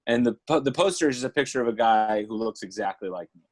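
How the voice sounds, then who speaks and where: A man co-hosting a casual comedy podcast, rambling and halting as he cracks deadpan jokes. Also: on the low side. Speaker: podcast co-host.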